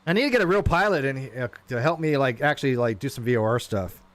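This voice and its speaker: A man streaming a flight simulator, talking casually and rambling as he flies, often stumbling over his words and getting excited. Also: medium pitch, fast talker. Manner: rambling, self-interrupting, excitable. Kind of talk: casual live gameplay commentary.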